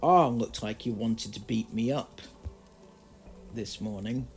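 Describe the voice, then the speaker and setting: A male true crime commentator reads journal entries aloud at an unhurried, deliberate pace, with a middle-range voice. He keeps cutting in with sarcastic, indignant remarks. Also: medium pitch, a little mellow, slight background noise. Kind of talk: reading journal excerpts with commentary.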